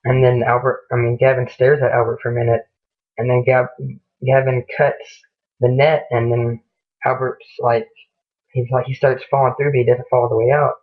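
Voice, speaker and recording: A young man tells a gory horror story in a loose, profane ramble, dropping into the characters' lines in his own voice. His delivery is flat and husky. The recording is thin and muffled, like it came through a phone. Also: mid-range voice, moderate pace. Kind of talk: casual spoken horror story retelling.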